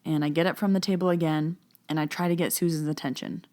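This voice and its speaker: A woman's voice: low-pitched, fairly even intonation, fast. A woman telling her own experience as a medium in a casual podcast, chatty with lots of fillers. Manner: chatty, many "so" and "like" fillers, hushed when she retells whispered talk.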